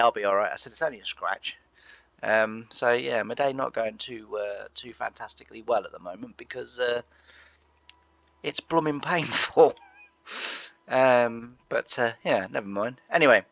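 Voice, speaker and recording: A man's voice: medium pitch, animated, moderate pace, gravelly, fairly bright tone, no echo. Chatty British man, muffled dry mic. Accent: British English. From Britain. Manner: chatty storyteller, laughs through anecdotes. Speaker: gaming channel host. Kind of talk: casual chat while playing.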